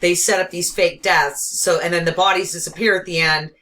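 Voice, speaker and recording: A woman co-hosting a casual movie podcast, explaining plots calmly and matter-of-factly. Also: on the low side, fairly quick. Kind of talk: casual movie review chat.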